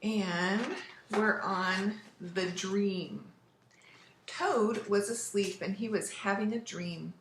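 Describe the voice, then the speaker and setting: A woman's voice: mid-range voice, steady tone, drawn-out words, slight background noise. A woman teacher giving remote class instructions, patiently explaining step by step. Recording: roomy echo.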